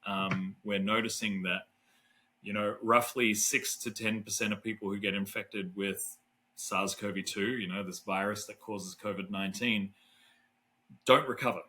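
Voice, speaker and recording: A man's voice: lowish voice, steady tone, a little slow, bright, forceful tone, a little hiss or hum, poor audio. A middle-aged Australian man, a neuroscientist guest, tells a story in a casual, rambling way with lots of fillers and restarts.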